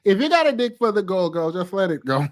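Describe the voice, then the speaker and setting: A man streaming a casual reaction to a reality show, talking in a sassy, emphatic way and laughing often. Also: high-pitched.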